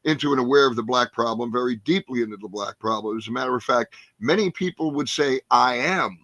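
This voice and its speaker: A man's voice: mid-range voice, brisk, pushed and bright, dry recording, lo-fi sound. A man in his sixties from New Jersey, a comedian guest telling a rambling story full of fillers and acted-out quotes. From New Jersey, USA. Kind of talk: storytelling in a podcast interview.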